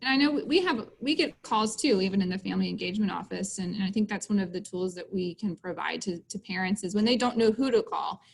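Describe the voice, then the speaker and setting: A woman's voice: medium pitch, creaky, low-quality recording. A woman moderating a parent panel over a video call, speaking with many fillers and repeated words. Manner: fast, filler-heavy, stammering. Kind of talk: hosting a panel.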